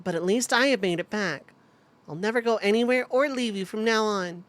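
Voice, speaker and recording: A woman's voice: mid-range voice, brisk, natural voice. A woman voicing a cheerful, earnest young woman returning home in a video game, reading the dialogue aloud.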